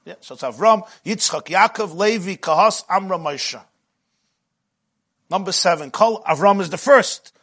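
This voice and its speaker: Animated husky rabbi giving a lecture. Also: male voice, sits high, measured pace. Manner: animated, rises to shouting when retelling the midrash. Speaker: rabbi teaching Torah class. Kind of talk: lively Torah lecture.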